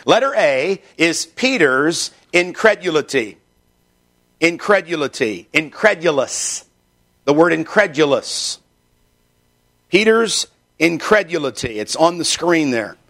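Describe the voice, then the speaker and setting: A man's voice: a little high, very animated, slow pace, fairly bright tone. A male pastor preaching a sermon in an earnest, plain-spoken way, with casual asides to the congregation.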